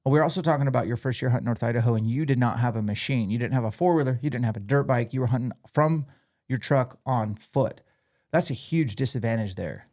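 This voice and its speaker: A man's voice: medium pitch, quick pace, darkish tone. A man hosting a podcast, interviewing a guest with direct, probing questions. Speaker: podcast host.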